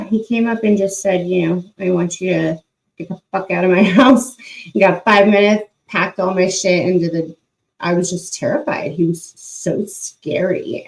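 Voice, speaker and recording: A young adult woman hosting her channel, telling a personal story in a halting, casual way with many fillers. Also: on the low side, mellow, rough recording. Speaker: YouTube channel host.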